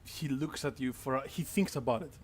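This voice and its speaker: A man's voice: medium pitch, a little fast, a little hiss or hum. Man narrating a tabletop game. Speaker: game master.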